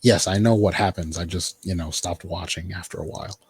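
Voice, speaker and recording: A man's voice: low voice, fairly even intonation, brisk, slightly rough. A man casually recapping a TV show on a podcast, rambling with lots of fillers. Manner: rambling, filler-heavy, quotes characters in mock voices. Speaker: podcast host.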